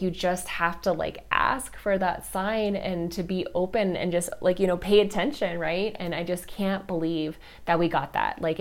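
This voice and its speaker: A woman hosting a podcast, telling a personal story in a casual, chatty way, soft and tender, with lots of "like" and "you know". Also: on the low side. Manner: soft and tender when talking about grief. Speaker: podcast host.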